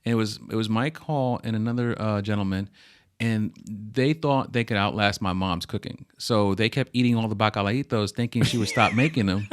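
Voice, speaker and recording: A man's voice: on the low side, normal speed. A man co-hosting a podcast, chatting casually and joking, often restarting his sentences. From Puerto Rican family. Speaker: podcast co-host. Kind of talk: casual chat.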